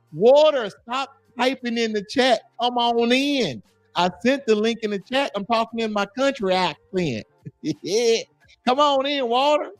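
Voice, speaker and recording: In a dry recording, a man with a slightly high voice hosts a livestream. He reads the chat aloud and repeatedly goads a commenter to join the call in a taunting manner.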